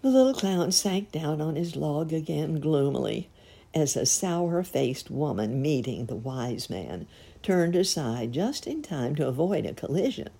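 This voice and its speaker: Woman reading a kids story, deep gravelly husky voice, dark tone. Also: big pitch swings, measured pace. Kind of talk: storybook narration.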